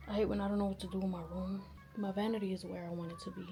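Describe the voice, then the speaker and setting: A woman's voice: mid-range voice, level tone, very fast, gravelly, dark tone, a little hiss or hum. Chatty young woman muttering while cleaning. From New York. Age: 20s. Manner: chatty, thinking aloud, often unsure. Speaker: vlogger. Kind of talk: casual chat while cleaning. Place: bedroom at home.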